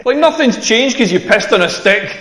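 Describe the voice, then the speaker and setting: High-voiced stand-up comic. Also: male voice, lively intonation, moderate pace, a bit bright. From Scotland. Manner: chatty, crowd-working, crude punchlines. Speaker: stand-up comedian. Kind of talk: stand-up comedy set. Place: comedy club stage. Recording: roomy club hall with long reverb.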